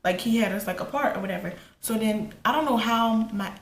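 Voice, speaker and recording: Animated woman telling a story, echoey room. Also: fairly quick, a little hiss or hum. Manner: animated, profane, retells quotes with rising pitch. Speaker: vlogger. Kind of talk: casual storytelling while getting ready. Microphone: camera in front. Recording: echoey room with faint ambience.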